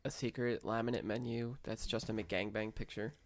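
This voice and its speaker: A man's voice: fairly low pitch, steady tone, normal speed. A man co-hosting a podcast, chatting casually and joking with his friends. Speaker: podcast co-host. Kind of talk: casual chat.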